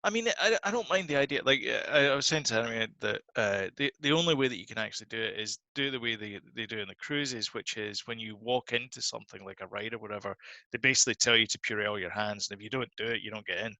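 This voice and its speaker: A man's voice: fairly low pitch, fast, sharp tone, no room sound. A man co-hosting a podcast, chatting casually and laughing easily. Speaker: podcast co-host. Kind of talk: casual chat.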